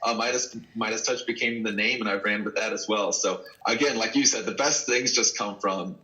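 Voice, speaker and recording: A man from Dallas, Texas, with a fairly low voice and a forceful, bright edge, chatting as a wrestling guest. He tells stories animatedly, stumbling and restarting as he goes. The sound is dull and lo-fi. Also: brisk. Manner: earnest, animated storyteller with repeated restarts. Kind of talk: casual interview chat.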